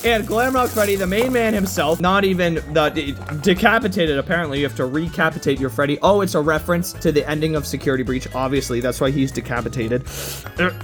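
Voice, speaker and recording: A young man from the United States reviewing cheap toy figures with excitable, mocking, over-the-top outbursts. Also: a little high, quick pace, faint music behind. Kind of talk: comedic unboxing review.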